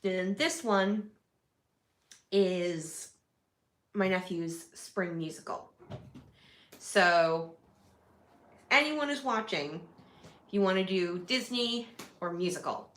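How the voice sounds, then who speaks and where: A woman's voice: lowish voice, lively intonation, slow pace, long pauses, a bit bright, reverberant. A woman with a nasal voice from a cold, chatting casually while hosting a live scrapbooking stream at home. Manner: chatty, rambling, self-correcting. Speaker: scrapbooking livestream host.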